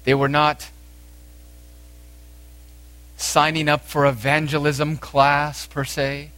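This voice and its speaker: A man preaching a sermon, speaking with emphasis and moving between raised exhortation and quiet, intense passages. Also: fairly high pitch, completely flat delivery, slow, no room sound.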